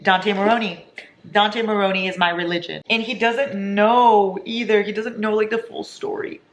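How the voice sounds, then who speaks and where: A young woman in her twenties, gushing and excitable as she chats casually about books in a reading vlog. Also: medium pitch, normal speed. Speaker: book vlogger. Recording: echoey room with faint noise.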